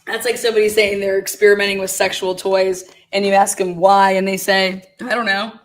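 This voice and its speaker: Woman, livestream host, casual chat, chatty, laughs a lot, mid-pitched. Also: level tone, brisk. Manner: chatty, laughs often, reads viewer comments aloud.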